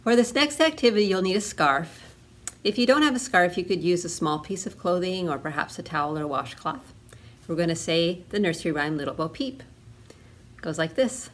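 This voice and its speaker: A woman librarian reading a picture book aloud to children, pausing for gentle explaining asides. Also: lowish voice, animated. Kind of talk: storytime read-aloud.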